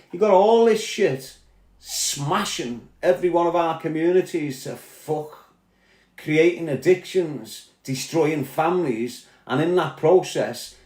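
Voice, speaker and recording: In an echoey room, a Liverpool man with a Scouse accent and a slightly high, mellow voice rants through his live chat. He curses and takes a combative tone with the people commenting.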